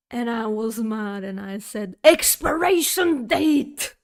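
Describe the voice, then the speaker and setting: A woman streamer telling a chatty, exaggerated story to her viewers, with halting phrasing full of fillers and restarts. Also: mid-range voice, darkish tone. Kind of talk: casual storytelling chat.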